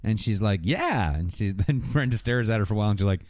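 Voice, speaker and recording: Guy recapping a tv episode, swoopy animated voice, does all the characters' lines, dry close sound. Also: medium pitch, a little slow, pauses often, no room sound. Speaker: podcast host recapping an episode. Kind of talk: casual chat.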